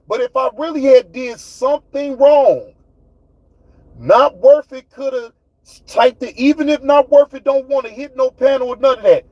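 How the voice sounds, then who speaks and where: A man's voice: very high voice, darkish tone, dry recording, highs cut off. A man with hosting his own livestream, ranting at his chat in a fiery, profane way. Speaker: livestream host. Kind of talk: heated livestream rant.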